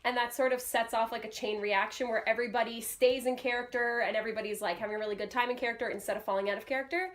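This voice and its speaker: Co-host, woman, young adult, slightly high voice, easygoing advice-giver. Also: steady tone, very fast, few pauses. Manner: chatty, advice-giving, many fillers. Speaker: podcast co-host. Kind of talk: casual podcast chat.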